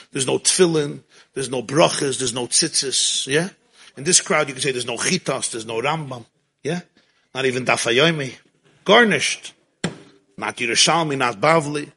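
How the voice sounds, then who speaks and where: A man teaching a Torah class, telling stories in a lively way and mixing in Hebrew and Yiddish terms. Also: fairly high pitch, husky.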